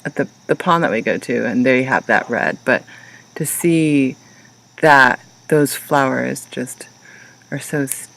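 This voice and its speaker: Gravelly-voiced enthusiastic co-host. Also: medium pitch, measured pace, a bit bright, rough recording. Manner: enthusiastic, gushing about plants. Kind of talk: casual chat.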